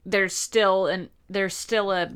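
This medium-pitched woman co-hosts a casual podcast, chatting and reading a cast list aloud, now and then slipping into silly voices. Her intonation is fairly even, her pace slow, and her tone smooth and fairly bright.

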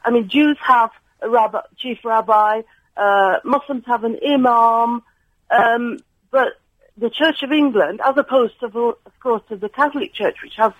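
A woman's voice: fairly high pitch, unhurried, breathy edge, no room sound. A woman calling a radio phone-in with a question, talking hesitantly with many fillers over the phone. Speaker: caller. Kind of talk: phone-in call. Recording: phone line.

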